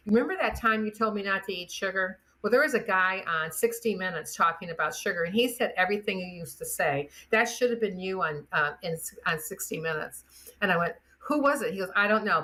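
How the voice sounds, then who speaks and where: An older woman, a chiropractor guest on a podcast, telling animated anecdotes and acting out the voices of the people in them. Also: medium pitch, a little fast. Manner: animated, acts out the voices in her stories, laughs often. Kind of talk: anecdotal storytelling.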